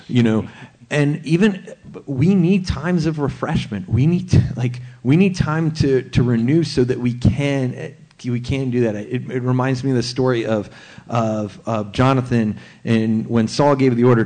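A man's voice: medium pitch, warm tone. Earnest man sharing on a church panel. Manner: earnest, halting, repeats words. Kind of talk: personal testimony on a panel.

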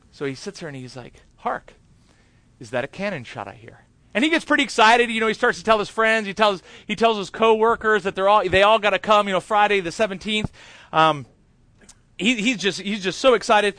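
A man's voice: high-pitched, pushed and bright, no room sound. A man preaching a sermon, telling a long story in a chatty way with many fillers.

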